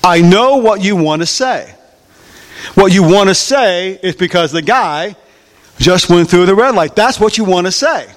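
High-voiced preacher in a reverberant hall. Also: male voice, a little slow. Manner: animated, call-and-response questions to the congregation. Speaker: pastor. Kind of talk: sermon. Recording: long reverb of a large hall.

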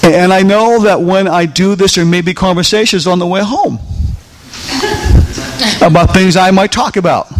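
A man's voice: high-pitched, slight background noise, low-quality recording. A middle-aged man preaching a sermon to a congregation, repeating lines for emphasis and asking them questions. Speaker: pastor. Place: church sanctuary with congregation.

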